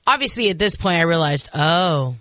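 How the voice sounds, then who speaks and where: A woman's voice: on the low side, animated, normal speed, a bit bright, no room sound. A woman hosting a radio show in casual chat, chatty and self-deprecating, speaking into a studio microphone.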